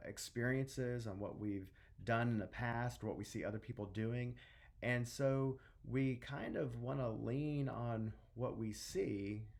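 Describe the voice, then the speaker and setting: A middle-aged minister preaches in a loose, conversational way, with restarts and acted-out quotes along the way. His voice has a gravelly, creaky grain at an average male pitch. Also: a little mellow. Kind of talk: sermon.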